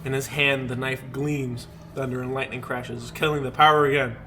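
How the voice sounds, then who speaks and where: A man's voice: medium pitch, flat delivery, moderate pace, music in the background. A young man co-hosting a podcast, reading a horror story aloud with hammy emphasis and bursts of laughter. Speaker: podcast co-host.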